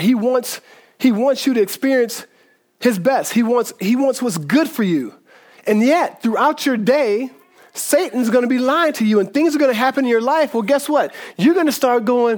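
A man's voice: very high-pitched, lively intonation, normal speed, darkish tone. A man preaching a sermon in a conversational way, often repeating words and checking in with "right?". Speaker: pastor.

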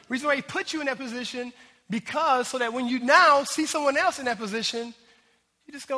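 Bright high-pitched preacher in an echoing hall. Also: male voice, fairly quick. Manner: animated, conversational preaching with asides to the congregation. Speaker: pastor. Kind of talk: sermon. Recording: long hall reverb.

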